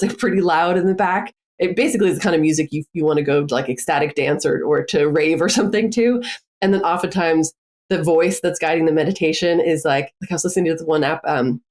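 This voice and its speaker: A woman's voice: fairly low pitch, a little mellow. A woman who works as a coach, chatting casually as a podcast guest, with frequent filler words and easy laughter. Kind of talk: casual conversational interview.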